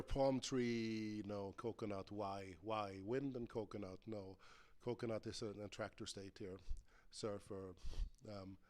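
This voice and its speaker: A man speaking at a conference, demoing a game live, playful and thinking aloud with many fillers. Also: lowish voice.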